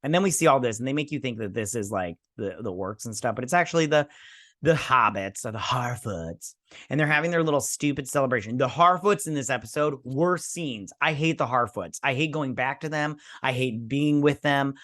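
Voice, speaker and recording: A man's voice: mid-range voice, brisk, a bit bright, no echo. Man, show host, casual recap and review, sarcastic, rambling, dry room. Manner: rambling, sarcastic, acts out characters' lines.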